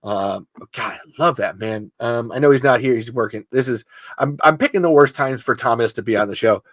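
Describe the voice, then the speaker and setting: A man's voice: medium pitch, brisk, a bit bright, dry recording. A man hosting a podcast solo in loose, rambling casual chat, swearing freely. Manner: rambling, swearing, self-interrupting. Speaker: podcast host.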